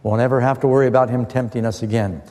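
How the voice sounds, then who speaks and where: A man's voice: mid-range voice, fairly even intonation, fast talker, a little mellow. A middle-aged male preacher giving a sermon as a Bible study, posing questions and answering them with scripture in an earnest, emphatic way. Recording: long reverb of a large hall.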